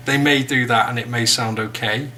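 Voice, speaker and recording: A man's voice: mid-range voice, fairly even intonation, moderate pace, pushed and bright, a little hiss or hum. An English man giving a casual vocabulary lesson, chatty with joking asides. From England. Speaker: English teacher.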